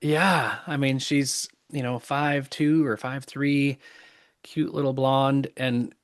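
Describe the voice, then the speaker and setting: Earnest middle-aged man, halting speech. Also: mid-range voice, steady tone. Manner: earnest, halting, many restarts. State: choked up with emotion. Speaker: podcast guest. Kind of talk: casual interview talk.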